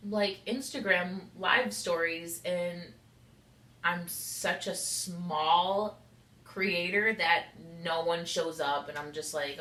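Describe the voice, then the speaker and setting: A woman's voice: on the low side, sharp tone. Candid rambling young woman vlogger. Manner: rambling, candid, heavy use of "like". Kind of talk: unedited confessional vlog. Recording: echoey room.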